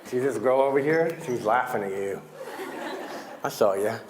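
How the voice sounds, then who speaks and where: Amid some background noise, a man with an expressive mid-range voice talks at normal speed during comedic magic-show patter. He's performing at a school and ribbing the young volunteers with jokes.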